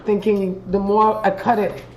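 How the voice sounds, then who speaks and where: Trinidadian woman, young adult, spiritual reader, casual livestream storytelling, emphatic and profane, repeats herself, medium pitch, echoey room. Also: little pitch movement, moderate pace, darkish tone, recorded from a distance.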